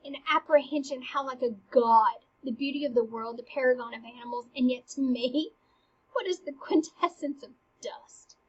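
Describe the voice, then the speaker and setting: A woman's voice: sits high, moderate pace, husky. A woman voicing a moody, gloomy young prince, reading old verse and restating it in slang. The recording is dull and lo-fi.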